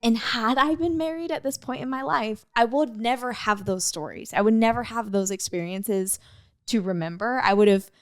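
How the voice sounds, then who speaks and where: A woman's voice: a little high, moderate pace, no room sound, studio quality. A young woman hosting a podcast, chatting casually and upbeat about dating and being single. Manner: upbeat, animated storytelling. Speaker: podcast host. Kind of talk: casual chat.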